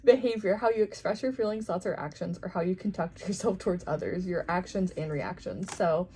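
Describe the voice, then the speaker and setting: Young woman vlogging, lowish voice, chatty and giggly, bit of background hiss. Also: animated, fairly quick, mellow. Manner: chatty, laughs often, many fillers. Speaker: tarot shop owner and vlogger. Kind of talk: casual chat.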